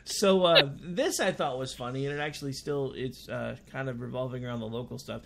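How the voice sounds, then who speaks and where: A man's voice: mid-range voice, a little fast, gravelly, fairly bright tone. A man from Oklahoma hosting a casual chat, reading a news story aloud and chuckling as he goes. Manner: chuckles while reading, amused. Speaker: host.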